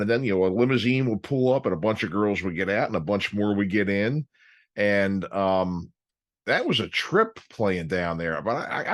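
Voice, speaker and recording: Male host, lively pitch, relaxed drawn-out storyteller. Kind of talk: casual chat.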